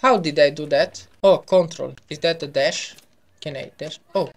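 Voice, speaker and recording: A man giving casual gameplay commentary as a YouTuber, playful and excitable, throwing in silly sound effects. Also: a little high, normal speed. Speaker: gaming YouTuber.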